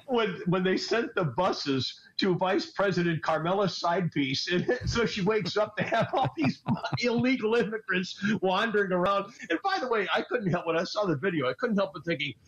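A man's voice: high-pitched, lively intonation, moderate pace, hardly any pauses, a bit bright, lo-fi sound, slight background noise. A man ranting on a talk radio show, agitated and scattered, stammering and laughing as he goes. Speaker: regular radio commentator. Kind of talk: animated political talk radio rant.

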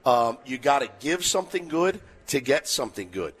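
A man co-hosting a sports talk show, telling stories in an animated way and laughing easily. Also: mid-range voice, moderate pace. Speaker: sports radio co-host.

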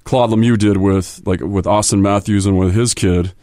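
A man's voice: on the low side, fairly even intonation, moderate pace, mellow, dry recording, studio quality. A man who runs hockey camps, chatting casually about players and telling stories, often restarting his sentences. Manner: rambling, restarts sentences, storytelling. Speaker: hockey camp coach and co-host.

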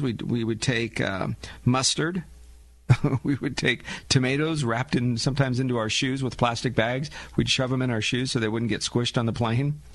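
A man's voice: medium pitch, no echo. A man from Los Angeles hosting a talk radio show, telling stories with chuckles and rhetorical questions.

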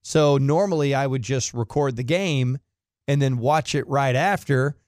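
A man co-hosting a casual sports chat, chatty and teasing as he banters. His mid-range voice comes across smooth and clear. The sound is dry and close. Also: medium pitch, a little slow, a little mellow, dry recording. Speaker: co-host.

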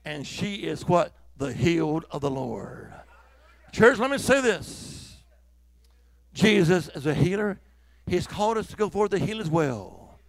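A man's voice: sits high, big pitch swings, a little slow, vocal fry, no room sound. A man preaching a revival sermon, exhorting the congregation with fervent calls of hallelujah.

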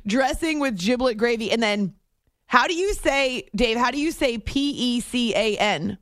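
A woman's voice: on the high side, animated, measured pace, a bit bright, no room sound. Chatty lady radio host from the south, close dry studio mic, reads off listener picks. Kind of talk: casual sports talk radio chat. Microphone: studio microphone.

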